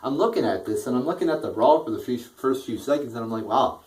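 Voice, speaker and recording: A medium-pitched man with a mellow, animated voice talks quickly through his wrestling show review, blunt and profane, rambling with a bored, dismissive air. The audio is poor.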